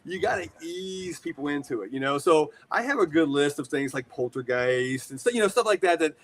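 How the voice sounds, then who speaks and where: A man in his forties from the United States, telling rambling, animated stories as a guest in a casual interview. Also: a little high, a little fast. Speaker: guest, horror shop owner.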